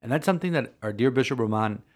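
A man, a priest co-hosting a podcast, telling a story earnestly in halting sentences full of restarts. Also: medium pitch, animated. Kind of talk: casual podcast chat.

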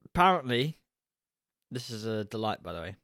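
A podcast co-host with a lowish, slightly bright voice chats casually, joking in a wry way. His pitch swings widely at a normal speed, and the recording is dry and studio-clean.

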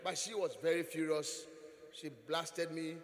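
A man preaching a sermon as bishop, telling stories with animated delivery and frequent chuckles. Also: on the high side, unhurried. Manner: animated storytelling, chuckling often. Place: large church hall. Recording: echoey church hall.

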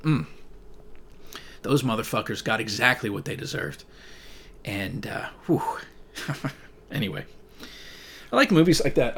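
Rambling, foul-mouthed man, somewhat high voice. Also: creaky. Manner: rambling, swears often, bursts into loud rants. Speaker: streamer reading viewer messages. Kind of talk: casual profane monologue.

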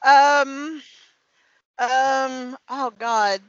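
A woman's voice: high-pitched, steady tone, drawn-out words, dry recording. Tipsy, giggly woman swearing freely. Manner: giggly, profane, rambling. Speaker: author guest. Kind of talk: casual podcast interview. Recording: dry, dull lo-fi call audio.

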